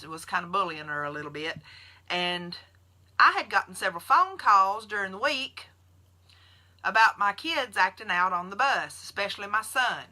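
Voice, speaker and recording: A woman's voice: mid-range voice, pushed and bright. A woman, a nurse telling folksy stories directly to her followers on a live video. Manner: folksy storyteller, addresses viewers directly. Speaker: nurse hosting a keto support group.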